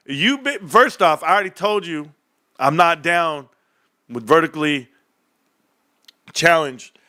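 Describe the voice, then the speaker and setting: Animated, lively-voiced male streamer. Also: fairly high pitch, unhurried. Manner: animated, swearing, laughing often. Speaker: livestream host. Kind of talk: casual livestream chat. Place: home desk setup.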